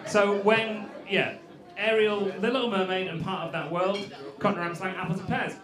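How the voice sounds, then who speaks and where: High-voiced man doing crowd work on stage. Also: little pitch movement, normal speed. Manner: wry, chatty, often laughing while talking. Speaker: comedian and freestyle rapper. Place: comedy venue stage. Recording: roomy live venue with crowd. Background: audience voices.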